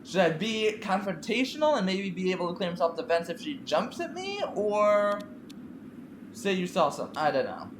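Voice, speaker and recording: A woman talks through a story game, musing aloud over her options. Her voice is lowish but moves around a lot in pitch. The recording has a roomy echo and a faint background hiss. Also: lively intonation, moderate pace. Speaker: gameplay commentator. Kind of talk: let's play commentary.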